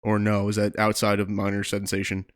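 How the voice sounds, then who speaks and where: Excited man playing a tabletop game. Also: fairly low pitch, fairly quick, clear, resonant tone, no echo, clean studio sound. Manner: animated, often restarts and asks rules questions. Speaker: player. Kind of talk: casual tabletop game chat.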